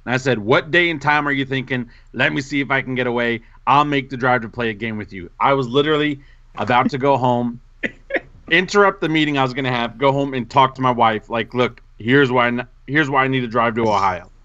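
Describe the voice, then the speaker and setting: A man co-hosting a casual podcast, telling a self-mocking story in an animated way. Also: mid-range voice, brisk, dry recording, dull audio. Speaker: podcast co-host.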